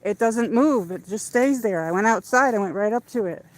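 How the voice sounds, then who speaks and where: A woman's voice: medium pitch, brisk, dry recording. A woman hosting a casual walking livestream outdoors, chatting to her viewers as she goes. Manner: chatty, rambling, talks to viewers. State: out of breath from walking uphill. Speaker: livestream host. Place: outdoors on a walk around a lake.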